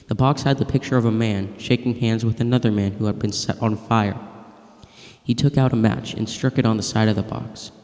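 A man reading a dark short story aloud with measured, dramatic pacing. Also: medium pitch, creaky. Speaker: narrator. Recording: long reverb.

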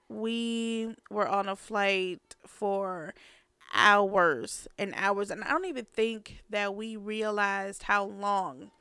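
A woman's voice: mid-range voice, fairly even intonation, slow, pushed and bright, clear, resonant tone, no room sound. A woman co-hosting a podcast, telling a story in a blunt, casual way with some swearing. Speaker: podcast co-host. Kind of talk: casual chat.

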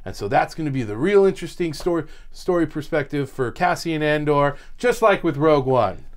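A man's voice: fairly high pitch, expressive, brisk. Chatty man, rambling and laughing. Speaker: podcast co-host. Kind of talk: casual chat.

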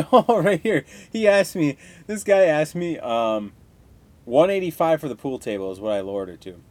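A man's voice: on the high side, animated, normal speed, darkish tone, dry recording. A young man hosting a casual solo podcast, ranting heatedly with constant swearing. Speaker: podcast host.

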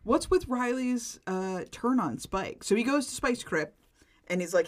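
A woman co-hosting a casual podcast, recapping a TV episode in animated talk full of "like". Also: fairly high pitch, measured pace. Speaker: podcast co-host.

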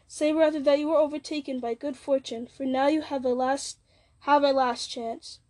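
A woman reading the lines of a grave, noble elven lady, composed and quiet. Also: sits high, fairly even intonation, normal speed, lightly acted.

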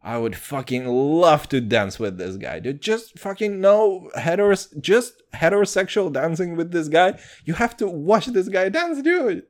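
A young man hosting a podcast in a casual, excitable chat, swearing freely and calling everyone "dude". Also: high voice, a little slow, few pauses. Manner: excitable, profane, says "dude" constantly. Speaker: podcast host.

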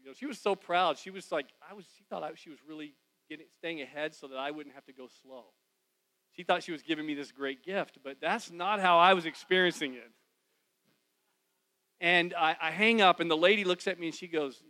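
A male pastor preaches in church and tells a personal story in a relaxed, conversational way. His voice is bright and forceful and sits a little high. He drops to near whispers and then rises again. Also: brisk, poor audio. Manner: conversational, wide swings from loud to hushed. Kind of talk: storytelling sermon.

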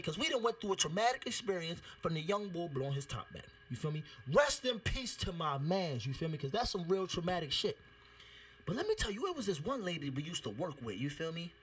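High, bright-voiced man ranting casually. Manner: profane, rambling, animated storytelling. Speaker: podcast host. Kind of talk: casual monologue.

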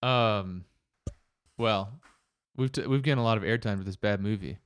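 A man co-hosting a podcast, easygoing and quick to laugh, chatting casually. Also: fairly low pitch, dry recording. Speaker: podcast co-host.

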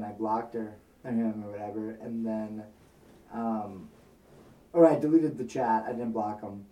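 A man's voice: on the low side, steady tone, unhurried, dark tone, far from the mic. A young man telling a rambling, profane personal story in a casual chat. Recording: echoey room, off-mic.

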